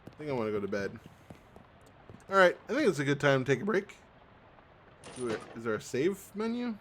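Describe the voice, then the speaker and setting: A man casually commenting on a video game as he plays, loose and chatty, with plenty of ums. His voice sits in a middle register, and a steady hum of background noise runs under the recording. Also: mid-range voice, a little fast. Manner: relaxed, chatty, frequent ums. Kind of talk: casual let's-play commentary.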